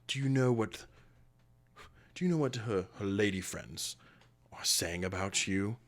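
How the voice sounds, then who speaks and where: A man's voice: lowish voice, unhurried, natural voice. A man voicing a stern, wealthy middle-aged father who lectures his son in a cold, disapproving way.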